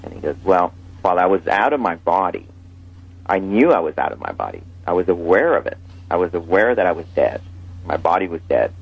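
A man, an emergency room doctor, telling a story in an interview, halting with many fillers and restarts. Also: sits low, sing-song, creaky, breathy edge, dull audio.

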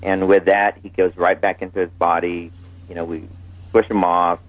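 A man, an emergency room doctor, telling a story in an interview, halting with many fillers and restarts. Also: low voice, flat delivery, no room sound, muffled recording.

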